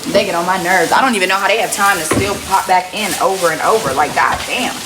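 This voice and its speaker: A young woman livestreams on her phone from her home kitchen, chatting casually and bluntly with viewers, swearing and arguing back at them. Her voice is on the low side and fast, and there's heavy background noise.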